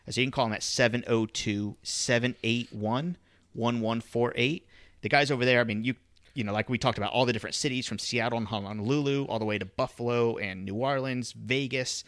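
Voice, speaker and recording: A man's voice: mid-range voice, a little fast, no echo. A man co-hosting a fantasy football podcast, chatting casually and reading an ad with lots of fillers. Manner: relaxed, filler-heavy, conversational. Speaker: podcast co-host. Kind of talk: casual podcast chat with ad read.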